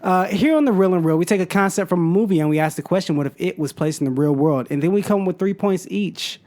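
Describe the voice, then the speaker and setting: A man's voice: high-pitched, fast talker, darkish tone. A man hosting a podcast in casual chat, joking and teasing, often laughing. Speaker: podcast host.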